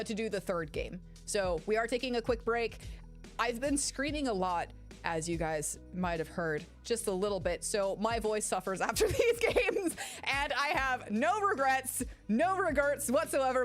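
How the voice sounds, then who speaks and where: A game streamer with a medium-pitched voice chats casually with her live viewers. She's excitable and swears freely, with loud outbursts and lots of laughter.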